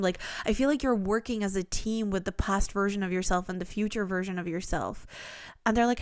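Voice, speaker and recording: Woman tarot reader, earnest and rambling, mid pitch, crisp dry sound. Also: fairly even intonation, normal speed, no room sound. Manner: earnest, rambling, full of fillers and restarts. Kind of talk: pick-a-card tarot reading.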